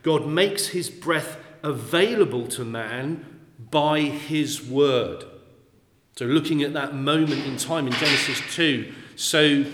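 A man preaching a sermon, talking slowly and deliberately and repeating key phrases for emphasis. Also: a little high, a bit bright. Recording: echoey hall with long reverb.

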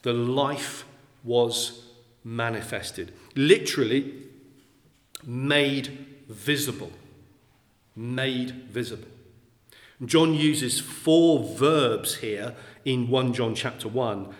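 A male preacher delivers a sermon at a very slow, measured pace. He repeats key phrases for emphasis. The sound carries the long, roomy reverb of a large hall. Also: mid-range voice.

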